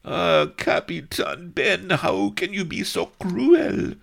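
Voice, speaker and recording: A man voicing a petulant young woman disguised as a boy, in a high plaintive falsetto. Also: slow pace, gravelly, fairly bright tone, heavily acted.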